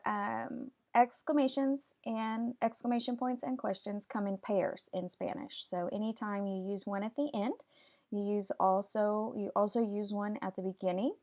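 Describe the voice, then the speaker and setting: A woman's voice: mid-range voice, dull audio. Patient woman teaching Spanish words. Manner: patient, explains step by step. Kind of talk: classroom video lesson.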